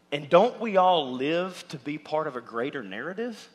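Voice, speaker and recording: A man preaching a sermon as pastor, speaking in turn for imagined listeners and his own thoughts, and building to loud, shouted exhortation. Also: a little high, very animated, normal speed, hardly any pauses.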